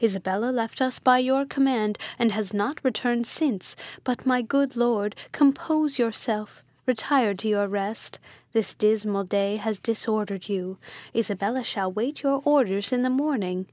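A woman voicing a calm, devoted noble lady who speaks in a gentle, soothing way in an audiobook. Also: fairly high pitch, a little slow, dry recording, close to an everyday voice.

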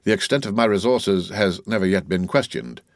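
A man's voice: on the low side, lively intonation, normal speed, no echo, clean studio sound, lightly acted. A man reading the part of a haughty, purse-proud banker who speaks arrogantly. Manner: arrogant, then flustered and fawning. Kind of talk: audiobook character reading.

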